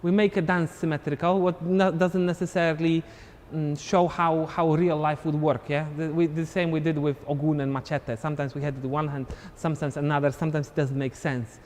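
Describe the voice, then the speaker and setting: A man's voice: a little high, flat delivery, a little fast, few pauses, a little mellow, big-room sound, slight background noise. A man teaching a live online dance class, counting beats and scatting the steps aloud as he demonstrates. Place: dance studio.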